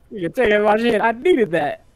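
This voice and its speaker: A woman throwing sarcastic quips into group game chatter. Her pitch swings a lot, and the sound is dry and close. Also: no echo. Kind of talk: gaming stream banter.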